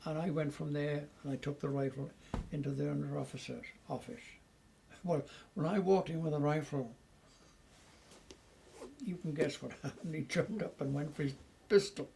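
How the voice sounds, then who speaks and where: A man in his eighties with a rough, gravelly voice sits at home spinning old tales for his family. He speaks a little higher than most men and breaks into chuckles as he goes. A faint hiss sits under the recording. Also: normal speed, poor audio. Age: 80s. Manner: lively storyteller who chuckles often. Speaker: interviewee recounting memories. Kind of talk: casual storytelling.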